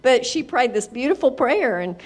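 A woman's voice: sits high, sing-song, normal speed. A woman telling a church testimony in a chatty, casual way, laughing as she talks. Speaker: church member sharing a testimony.

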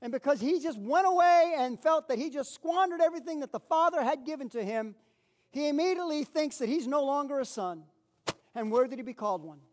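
Animated preacher man, high voice. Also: brisk. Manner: animated, acts out Bible figures, repeats phrases. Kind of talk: sermon.

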